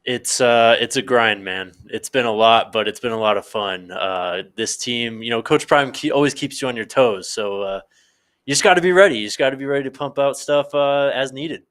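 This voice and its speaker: A male guest speaks in a laid-back, easygoing way, pausing often with "uh" as he chats. His voice sits at an ordinary middle pitch. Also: a bit bright, clean tone. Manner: laid-back, lots of "uh" fillers. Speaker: podcast guest. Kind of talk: casual interview chat.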